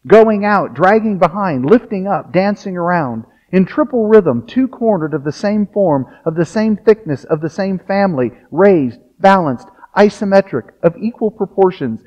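A man's voice: high-pitched, animated, normal speed, few pauses, a little mellow. A man reading a precocious scolding young boy. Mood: lecturing. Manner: reading aloud, lecturing. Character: precocious boy, about seven, scolding his teacher. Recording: dull lo-fi sound.

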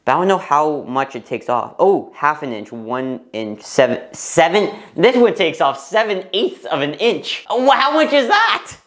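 A young man vlogging casually to the camera in a bathroom. His nervous, excitable chatter breaks into squeals and laughter. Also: on the high side, measured pace, few pauses. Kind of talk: casual vlog talking to camera. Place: parents' bathroom, indoors.

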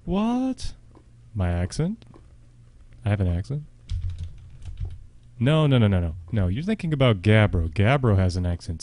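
A man doing casual game commentary on a live stream, chatty with viewers and a co-player, breaking into panicked yelps and shouts. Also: lowish voice.

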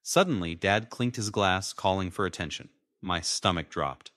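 A young man in his twenties narrating a dramatic first-person animated story. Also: deep voice, moderate pace, no echo. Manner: dramatic, emotionally charged. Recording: dry close studio voice-over.

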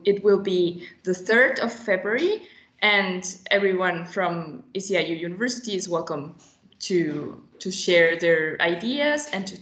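A woman's voice: fairly low pitch, a bit bright, reverberant. A woman co-hosting a webinar who introduces speakers with frequent fillers. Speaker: webinar co-host.

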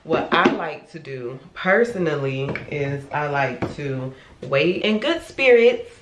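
A woman's voice: sits low, animated, takes it slowly. Rambling chatty woman in an echoey room. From Florida. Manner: rambling, chatty, often restarts and corrects herself. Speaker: vlogger. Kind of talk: casual vlog chat. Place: her home. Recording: echoey room with faint noise.

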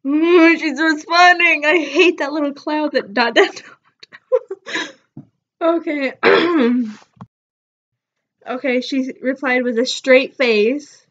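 A woman's voice: high voice, takes it slowly, pauses often, fairly bright tone, highs cut off. A young woman vlogging casually, giggling often as she reads her text messages aloud. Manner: giggly, laughs often while reading texts aloud. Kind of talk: casual vlog narration.

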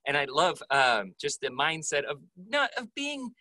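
A man's voice: a little high, very animated, a little slow, pushed and bright, no echo, rough recording. A young man hosting a voice acting class session, responding with enthusiasm and promoting the upcoming course. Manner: enthusiastic, affirming. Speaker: host. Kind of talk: casual interview chat.

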